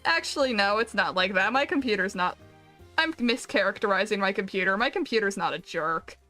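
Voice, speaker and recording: Rambling bright-voiced woman streamer. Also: medium pitch, expressive, fairly quick, soft background music. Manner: rambling, self-deprecating, jokey. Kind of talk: casual chat while gaming.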